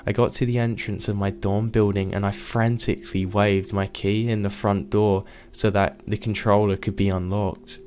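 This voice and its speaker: Man, lowish voice, steady horror narration, measured reading. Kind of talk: scripted narration.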